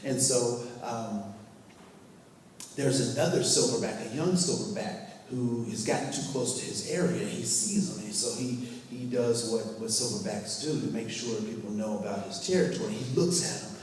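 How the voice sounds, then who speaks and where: A man's voice: mid-range voice, moderate pace, a little mellow. A man leading a workplace training session, telling stories to a live group and asking them questions. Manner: storytelling, asks the audience questions, acts out scenes. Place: training room with a live audience. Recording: echoey hall, mic far off.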